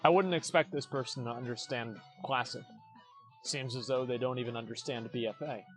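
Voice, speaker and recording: Over soft background music, a young man with a steady, mid-range voice reacts to forum posts on stream at a fairly quick pace. His casual commentary is blunt and mocking, full of cursing, and he often restarts sentences with repeated words.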